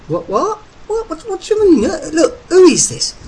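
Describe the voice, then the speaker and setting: A man's voice: on the high side, measured pace, fairly bright tone, husky, distant mic, full character voice. A man voicing a frightened, stammering male survivor in a spoken story. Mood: panicked. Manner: stammering, panicky. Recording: noisy background hiss.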